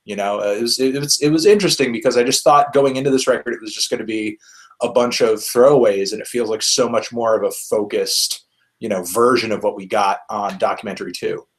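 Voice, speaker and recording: A man's voice: on the low side, steady tone, a little fast. A man hosting a casual album review discussion, thinking aloud with frequent fillers and restarts. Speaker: music reviewer, host.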